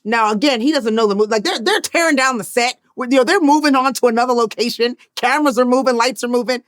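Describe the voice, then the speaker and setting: A woman in her fifties, an actress, telling a story in an interview and acting out the voices of the people in it, moving between hushed and loud moments. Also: fairly high pitch, fast talker, no room sound, clean studio sound. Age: 50s.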